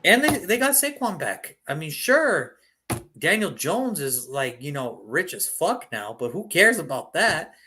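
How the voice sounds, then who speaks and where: A man's voice: fairly high pitch, sing-song, a little slow, sharp tone, slight background noise. A man co-hosting a sports prediction show, talking casually and animatedly, swearing and slipping into mock voices.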